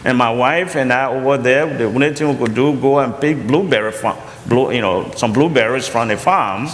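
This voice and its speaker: A man with a Liberian accent telling his life story as a chapel guest, in an earnest voice that climbs high when he quotes others. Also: normal speed, long reverb tail, a little hiss or hum. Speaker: college founder and chapel guest. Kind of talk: storytelling testimony on stage.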